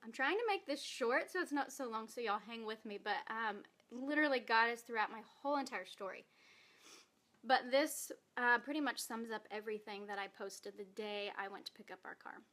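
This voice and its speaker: Her voice is fairly high and a bit bright, moving at a moderate pace. In a vlog, this direct sales distributor shares an earnest, emotional testimony, reading her own post and holding back tears.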